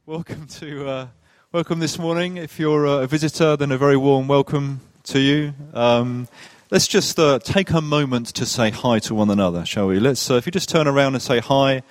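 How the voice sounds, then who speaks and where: A man's voice: mid-range voice, normal speed, few pauses, dry recording. Hesitant man welcoming a congregation, mid voice, dry sound. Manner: hesitant, many fillers. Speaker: church greeter.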